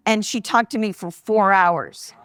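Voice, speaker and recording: In a live podcast interview punctuated by audience laughter, an investor guest, a woman in her sixties, recounts personal stories with animation and mimics the voices she quotes. Her medium-pitched voice is unhurried, with a little hiss or hum.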